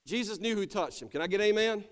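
Man, pastor, sermon, high voice, calls for amens, long church reverb. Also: animated, fast, smooth. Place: church sanctuary.

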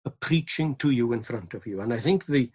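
A man's voice: mid-range voice, lively intonation, a little fast, darkish tone, slightly rough. A man preaching an earnest sermon, building to emphatic repeated lines.

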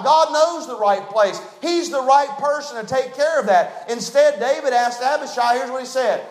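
A man preaching a sermon, folksy and emphatic, swinging from loud to hushed. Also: very high-pitched, expressive, normal speed, hardly any pauses, reverberant.

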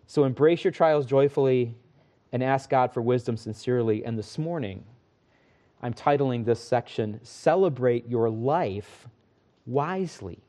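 A man preaching a sermon as pastor, earnest and emphatic, slowing down to stress key phrases and dropping in folksy asides. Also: mid-range voice, darkish tone. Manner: folksy asides and self-corrections.

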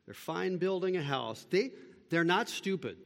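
A man preaching a sermon, building from steady teaching to loud, impassioned pleading. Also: sits high, a little slow, gravelly, long reverb tail. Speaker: pastor.

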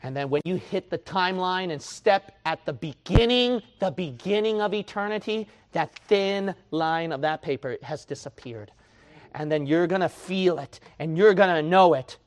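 Male preacher, fiery sermon delivery, big swings between whispers and shouts, higher voice than most men. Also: expressive, normal speed. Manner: swings from hushed to shouting, mocks excuses in whiny voice.

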